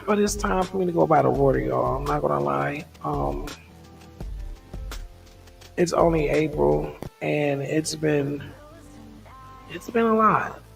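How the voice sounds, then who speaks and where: In a candid, reflective monologue, a woman vlogger rambles frankly and often laughs things off to ease stress. Her low, gravelly voice carries a fair amount of fry, moving slowly with long pauses. She sits away from the mic, the poor recording catching faint background music.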